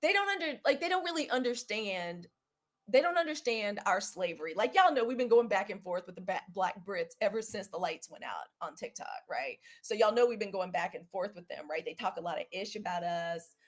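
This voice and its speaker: A young woman from the South, casually chatting to viewers in a live video, animated and saying y'all. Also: mid-range voice, fairly quick. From Southern US (Mississippi). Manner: chatty and animated, says y'all, quotes others in lively put-on voices. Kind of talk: casual livestream monologue.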